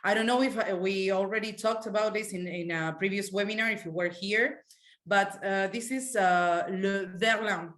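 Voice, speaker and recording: A woman teaching a live online language class, explaining slang in a relaxed, halting way. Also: mid-range voice. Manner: relaxed, explanatory, hesitant with fillers. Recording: echoey room.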